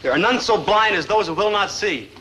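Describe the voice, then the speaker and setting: An actor playing a deadpan young beatnik, making wry mumbled asides. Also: male voice, sits high, fairly quick, rough recording. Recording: old TV soundtrack with noise.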